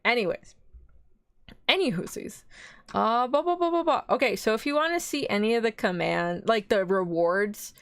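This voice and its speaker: A woman's voice: fairly high pitch, animated, normal speed, smooth, no echo. A young woman streaming live as a vtuber, chatting casually in a rambling, giggly way.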